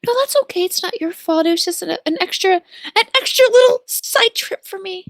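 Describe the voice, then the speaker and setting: A woman voicing a polite young adventurer, speaking high and eager. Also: normal speed, no room sound. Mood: sweet. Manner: high bright eager speech.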